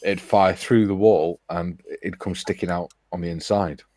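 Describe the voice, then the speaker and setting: A man's voice: low-pitched, fairly even intonation, normal speed, a little mellow. A man, hosting a casual model-building chat and telling a rambling anecdote, laughing often as he goes. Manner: laughs often while storytelling, rambling with restarts.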